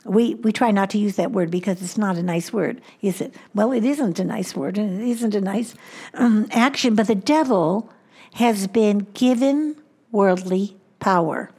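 A woman preaching a sermon, slowing down and dropping to a hushed voice on key points. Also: medium pitch, slightly rough. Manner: slows down for emphasis, drops to a hushed voice on key points.

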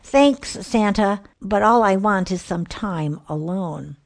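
Lady doing a worn-out, snippy mom, gravelly voice, takes her time. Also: medium pitch, slow. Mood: exasperated. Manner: exasperated, wry. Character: tired, harried mother at Christmas.

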